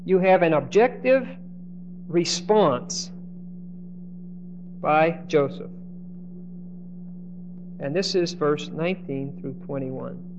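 A man preaching and teaching verse by verse, acting out the quoted speech of the people in the story with lively shifts, and often repeating words as he starts a line. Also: fairly high pitch, takes it slowly, long pauses. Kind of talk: expository Bible teaching. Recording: dull lo-fi recording with faint hiss.

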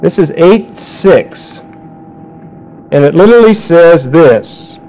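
A man teaching a Bible class, questioning his students and calling on them by name, slowing down to quote verses. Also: a little high, expressive, mellow, a little hiss or hum, poor audio. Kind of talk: interactive Bible class lecture.

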